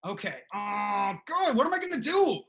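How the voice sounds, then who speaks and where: A woman improv performer doing scenes and one-liners from home over a video call, with an excitable, flustered manner. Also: fairly high pitch, moderate pace.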